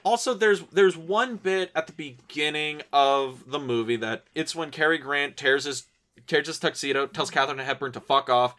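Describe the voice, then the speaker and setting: A man's voice: fairly high pitch, normal speed, bright, forceful tone. A man hosting a film podcast, chatting loosely, swearing freely and acting out scenes with playful impressions. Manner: casual and profane, retelling scenes with playful impressions. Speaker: podcast host. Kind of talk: casual film podcast chat.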